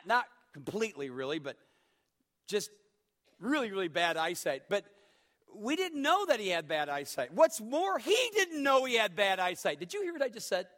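A middle-aged male pastor preaching a sermon, emphatic, swinging from hushed tones to shouts. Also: high voice.

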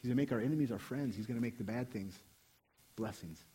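A man's voice: medium pitch, fast talker, dark tone, breathy edge. A young man preaching a sermon, telling a personal story earnestly with frequent restarts. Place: church sanctuary.

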